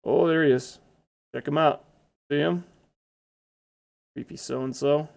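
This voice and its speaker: A man's voice: on the high side, fairly even intonation, slow pace, gravelly, darkish tone. A man giving casual, chatty commentary over his own gameplay, blurting out exclamations when startled.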